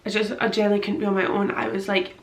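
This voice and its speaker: Tearful young woman, flat delivery. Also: mid-range voice, rapid-fire, roomy sound, rough recording. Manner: rambling, many fillers, quotes her own thoughts. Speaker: vlogger. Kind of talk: personal story told to camera.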